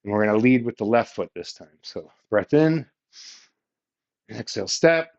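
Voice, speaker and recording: A man leading a yoga workout with calm, encouraging step-by-step cues. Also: on the low side, moderate pace. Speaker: yoga instructor. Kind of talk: guided workout instruction. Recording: slightly muffled, lo-fi audio.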